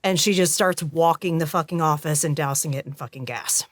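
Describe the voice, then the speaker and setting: A woman's voice: low-pitched, a little fast, no room sound, clean studio sound. A woman playing a tabletop role-playing game, describing her character's actions bluntly and with swearing. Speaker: player. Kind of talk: casual tabletop play.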